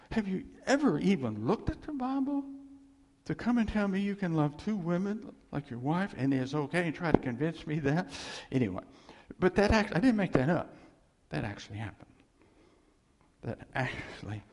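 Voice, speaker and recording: Male preacher, raspy-edged and a touch high, animated, reverberant hall. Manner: animated, acts out God's voice, rhetorical questions. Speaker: pastor. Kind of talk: sermon.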